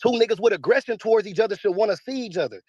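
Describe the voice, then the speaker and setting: A man's voice: high voice, lively intonation, racing, darkish tone, breathy edge, dry recording, dull audio. A man speaking in a heated interview, combative, emphatic and profane. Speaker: battle rapper interviewee.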